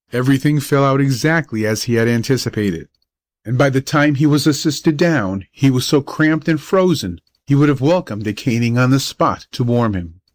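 A man reading a story aloud as a volunteer audiobook narrator, measured and even. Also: mid-range voice, no room sound.

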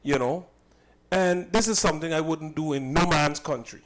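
A man's voice: a little high, moderate pace, a bit bright, low-quality recording. A man from Saint Kitts, a cook and business owner, recounting a personal incident in an emphatic, indignant way and often repeating himself.

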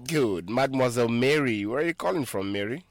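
A man's voice: mid-range voice, expressive, a little fast, no echo. Guy teaching french on a radio call-in, patient, coaching, dry close studio mic. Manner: patient, coaching, prompting callers to repeat phrases. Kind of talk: call-in radio language lesson.

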